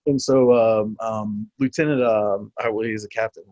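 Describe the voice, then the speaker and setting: A man in his forties with a lowish voice tells old service stories in a loose, profane way, laughing often as he goes. The sound is close and dry, with no room around it. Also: moderate pace, no echo, dull audio. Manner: profane, animated storyteller who laughs often. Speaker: military veteran guest. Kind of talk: casual storytelling interview.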